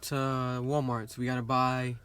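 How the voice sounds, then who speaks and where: A man's voice: medium pitch, flat delivery, unhurried, fairly bright tone, clear, resonant tone. A young man chatting casually as a vlog co-host, rambling and restarting his sentences. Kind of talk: casual chat.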